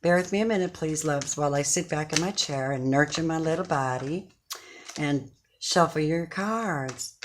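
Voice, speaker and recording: A woman's voice: deep voice, moderate pace, noisy background. A middle-aged woman giving a casual tarot reading to her viewers from her chair at home, talking in an effusive, affectionate, chatty way. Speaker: tarot card reader.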